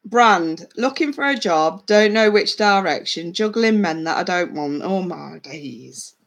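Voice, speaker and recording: A woman in her thirties, a psychic reader hosting a casual livestream, chatting warmly with viewers, reading out their comments and calling them darling. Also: mid-range voice, expressive, a little slow. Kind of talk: casual live-stream chat with viewers.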